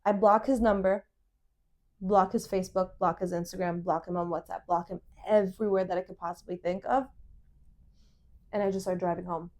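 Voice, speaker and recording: A young woman hosting a podcast, telling a dating story in casual chat, animated and swearing as she acts out the dialogue. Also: lowish voice, normal speed. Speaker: podcast host.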